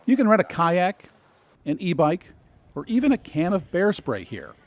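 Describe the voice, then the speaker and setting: A man's voice: sits high, sing-song, normal speed. A man hosting a travel guide, giving scripted narration with dry, sarcastic asides.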